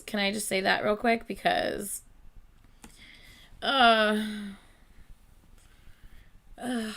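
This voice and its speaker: Bright-voiced excitable woman reacting to music. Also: medium pitch, takes it slowly, creaky, pauses often. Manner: excitable, laughs often, says "like" a lot. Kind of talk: casual live reaction commentary.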